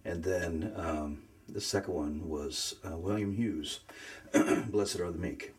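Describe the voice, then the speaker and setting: A man telling his faith story in a casual conversation, earnest and emotional, often pausing to search for words. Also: sits low. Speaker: guest sharing faith story.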